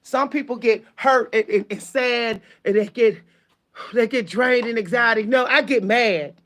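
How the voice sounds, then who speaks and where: A woman's voice: on the high side, a little slow, a bit bright. A woman hosting her own channel, venting angrily to her viewers in a profane, emphatic rant. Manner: profane, heated, emphatic storytelling. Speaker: channel host. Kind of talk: angry venting monologue to viewers.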